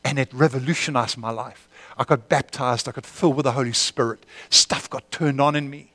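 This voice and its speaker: A man preaching a sermon, moving between impassioned prayer and a quiet, earnest appeal to the congregation. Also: mid-range voice, steady tone, brisk, no echo. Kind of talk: sermon with prayer and altar call.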